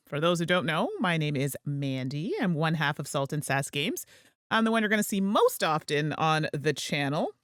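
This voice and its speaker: A woman's voice: low voice, a bit bright, dry recording, clean studio sound. A woman hosting a gameplay livestream, chatting in a rambling way and laughing easily. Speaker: host and streamer. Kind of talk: casual gameplay livestream chat.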